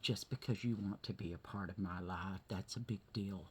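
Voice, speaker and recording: A woman talking through a hard day in a vlog, teary and halting, often asking "okay?" and sometimes dropping to a whisper. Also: rumbling low, a little hiss or hum. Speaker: vlogger. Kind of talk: emotional personal vlog.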